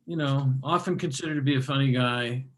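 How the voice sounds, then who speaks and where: Bright-voiced male comedy host. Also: medium pitch, a little fast, a little hiss or hum. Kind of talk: live stream show introduction.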